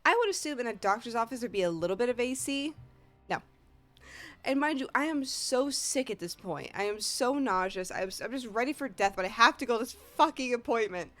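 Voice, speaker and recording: A woman's voice: a little high, expressive, fairly quick, a bit bright, faint music behind. A woman with a Northeast American accent, a streamer telling a rambling, profane story in casual chat. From Northeast United States.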